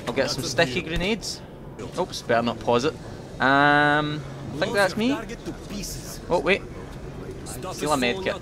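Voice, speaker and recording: A young man giving casual, jokey commentary while playing a video game, talking to his viewers. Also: mid-range voice. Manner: chatty, jokey, talks to viewers. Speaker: gaming commentator. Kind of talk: casual let's-play commentary.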